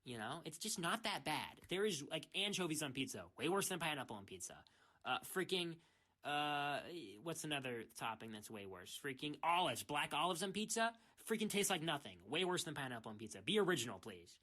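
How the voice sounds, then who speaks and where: Bright-voiced young man ranting casually. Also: a little high, very animated, fairly quick. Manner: rambling, repetitive "freaking", restarts. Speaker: streamer. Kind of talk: casual rant.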